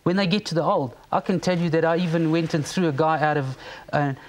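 A man's voice: a little high, steady tone, fairly quick. A man from South Africa speaking as a talk show guest, emphatic and fervent, repeating words as he gets worked up. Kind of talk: impassioned studio talk.

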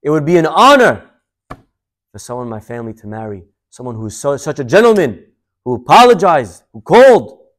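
A man's voice: on the high side, very animated, brisk, a bit bright. A man voicing a furious, affronted middle-aged woman who scolds shrilly. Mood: gracious.

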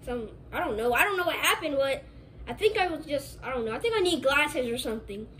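A woman's voice: sits high, animated, fairly quick, sharp tone, slight background noise. A woman voicing a bratty, scheming young turtle prince in a puppet comedy skit, rambling and stammering. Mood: sheepish.

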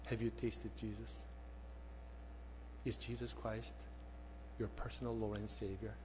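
A male pastor preaching a sermon. He tells a story and puts direct questions to his listeners, swinging between emphatic peaks and hushed appeals. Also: on the low side, little pitch movement, a little slow, background noise.

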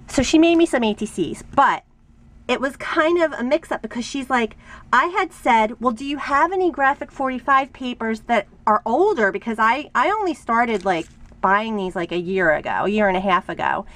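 A young woman chatting casually as she shows off a craft haul at home, rambling and gushing with excitement. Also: on the high side, normal speed. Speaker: craft vlogger. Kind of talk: casual show-and-tell haul.

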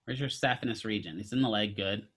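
A man's voice: fairly low pitch, fast talker, a bit bright. A man teaching a physical therapy class, lecturing casually, quizzing students and throwing in jokes. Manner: asks students questions, casual joking asides.

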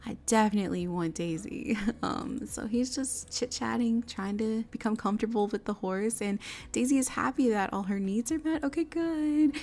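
A woman's voice: a little high, moderate pace, a little mellow. A young woman casually narrating her life-sim game play, chatty and often laughing. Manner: chatty, giggly, bubbly.

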